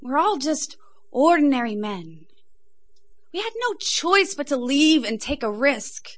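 A woman's voice: sits high, very animated, measured pace. A middle-aged woman from England performing spoken word poetry, rhythmic and intense, chatting casually between poems. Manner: rhythmic, intense delivery rising to loud emphatic peaks. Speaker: performance poet.

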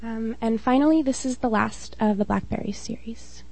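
Woman reading poetry in a mellow voice. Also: fairly high pitch, vocal fry, a little hiss or hum, low-quality recording. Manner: slow, hushed and deliberate, trailing off softly. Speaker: featured poet. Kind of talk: spoken-word poetry reading.

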